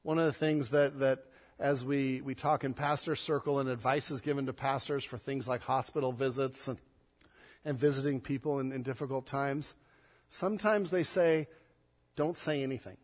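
A man, a pastor, preaching a sermon, swinging between loud emphatic stress and soft, hushed passages. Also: medium pitch, fairly even intonation, normal speed, long reverb tail.

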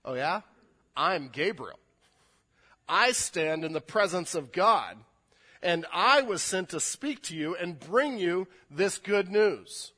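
A man's voice: high-pitched, animated, normal speed, hardly any pauses, a bit bright, big-room sound, voice pushed up. A man voicing a confident male angel who speaks emphatically and with command. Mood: stern.

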